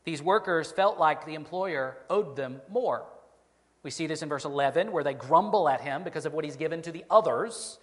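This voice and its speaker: A man preaching a sermon as pastor, earnest, slowing down to stress key phrases. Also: on the high side, long reverb tail.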